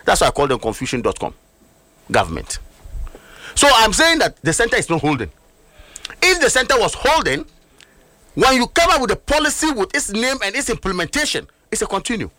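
A man's voice: high voice, wildly swooping pitch, a little fast, pauses often, sharp tone, no echo. A man with a Ghanaian accent, speaking as a political guest on a talk show with emphatic, scornful commentary and rhetorical questions.

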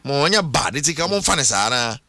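A man's voice: medium pitch, brisk, over a noisy crowd. A man hosting a casual sports chat, switching between English and Twi. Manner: lively, mixing English and Twi. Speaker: radio sports host.

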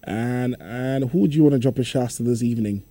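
A man hosting an evening radio call-in show, greeting callers and reading out shout-outs in a friendly, teasing way. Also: medium pitch, fairly quick, dry recording. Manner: friendly, teasing, mixes in local words. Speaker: radio show host taking calls. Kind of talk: casual call-in chat. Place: radio studio. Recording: music playing behind.

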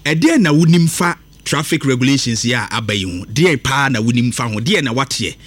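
A man from Ghana hosting a radio phone-in, talking with drivers in steady conversational speech that mixes in English. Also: mid-range voice, brisk, breathy edge, no echo. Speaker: radio show host.

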